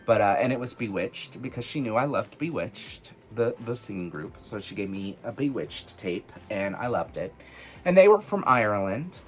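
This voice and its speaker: A man casually telling personal stories in an animated, chatty way, full of fillers, for his witchcraft vlog. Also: on the low side, moderate pace. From United States. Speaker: witchcraft vlogger.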